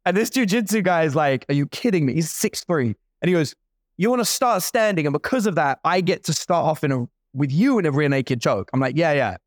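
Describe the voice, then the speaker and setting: A man's voice: fairly high pitch, expressive, a little fast, dry recording, clean studio sound. A man in his forties telling a story in casual talk, playing out the other people's lines as he goes. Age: 40s. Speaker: guest entrepreneur.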